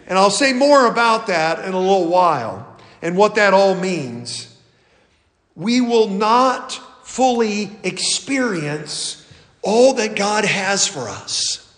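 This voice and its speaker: A man preaching in a high, light voice, slow and deliberate, as he reads scripture and talks to his congregation. His words ring out with a long reverb from a large church sanctuary. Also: very animated, fairly bright tone. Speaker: pastor. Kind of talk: sermon.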